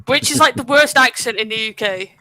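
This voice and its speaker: A man's voice: very high voice, brisk, bright, forceful tone. A man from South Gloucestershire with a West Country accent, chatting playfully on a gaming podcast. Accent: West Country English. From South Gloucestershire, England. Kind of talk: casual gaming podcast chat.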